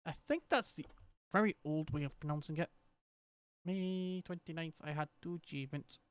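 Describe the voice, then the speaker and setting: A man's voice: fairly high pitch, moderate pace, smooth, dry recording. A man with a Scottish accent streaming a game, rambling and thinking aloud as he troubleshoots his setup. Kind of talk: casual gameplay commentary.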